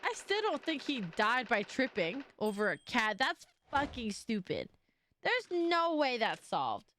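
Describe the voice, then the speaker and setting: A woman's voice: fairly high pitch, huge pitch swings, unhurried, fairly bright tone, slight background noise. A woman streamer giving casual, joking commentary over a game, blunt and swearing casually as she reacts.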